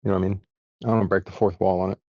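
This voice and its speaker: Low-voiced man on a dull, dry line. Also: little pitch movement, rapid-fire, dry recording. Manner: rambling, thinks aloud with restarts. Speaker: player. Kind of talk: casual tabletop chat.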